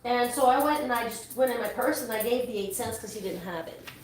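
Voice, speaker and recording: A talkative woman grooming dogs, rambling with restarts in a fairly high voice. She sits away from the mic in a very echoey salon, with faint noise behind her. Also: brisk, far from the mic. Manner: rambling, chatty, full of restarts. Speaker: dog groomer. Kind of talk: casual chat while working.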